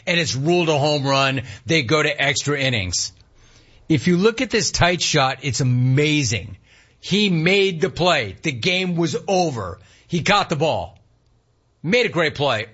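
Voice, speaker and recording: A man's voice: on the high side, expressive, measured pace, bright, forceful tone, slightly rough, dull audio. A man hosting a sports talk radio show, telling a baseball story with laughter and mock outrage.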